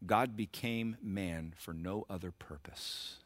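A man's voice: low-pitched, slow, no room sound. A middle-aged man preaching a sermon as pastor, building to emphatic surges and talking directly to the congregation.

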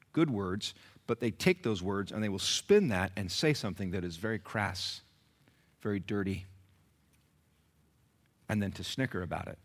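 A man preaching a sermon in a fairly low voice. He is emphatic and animated, pressing his points with rhetorical questions. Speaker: pastor.

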